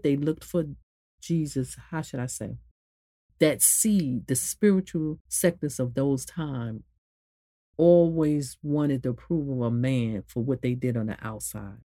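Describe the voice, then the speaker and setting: Woman therapist talking meditation, lowish mellow voice, dry close sound. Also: no echo. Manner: conversational, repeats phrases, swings from low to high emphasis. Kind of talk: spoken motivational teaching.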